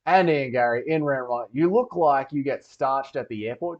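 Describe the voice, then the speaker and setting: Aussie bloke rambling through fight picks on stream, swears a lot, kinda dull lo-fi mic. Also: male voice, medium pitch, normal speed, few pauses. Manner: rambling, swears, jokey banter with chat. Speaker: livestream host reading chat. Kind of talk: casual livestream chat.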